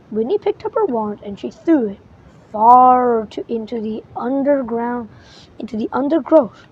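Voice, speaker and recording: Slow, breathy woman reading a storybook. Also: a little high. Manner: unhurried and expressive, with small slips and restarts. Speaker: storybook reader. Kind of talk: reading a children's storybook aloud. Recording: muffled lo-fi recording.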